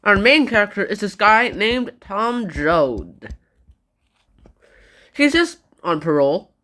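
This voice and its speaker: A woman's voice: medium pitch, expressive, slow pace, fairly bright tone. A woman giving a casual, playful book summary and acting out the dialogue. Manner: chatty, playful, acts out dialogue.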